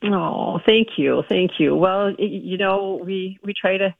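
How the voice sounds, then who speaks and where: A woman's voice: medium pitch, measured pace, gravelly, dry recording. Gracious woman doctor over phone. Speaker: guest clinic doctor. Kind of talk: phone-in guest chat. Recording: phone line.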